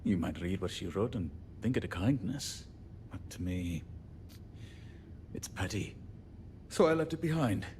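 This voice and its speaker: A game's grumpy but good-humoured handyman, his voice sitting low and steady. He jokes at his own expense and owns up to his temper. A faint hiss lies under the line. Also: unhurried, pauses often. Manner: wry, joking, self-deprecating. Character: irritable self-deprecating male handyman, joking. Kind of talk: video game character dialogue.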